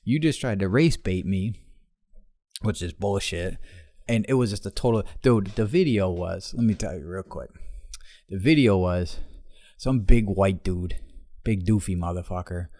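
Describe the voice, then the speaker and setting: Laughing and swearing his way through a quick story, this man in his thirties hosts a podcast in a low, slightly mellow voice. The audio is studio quality, with no room sound.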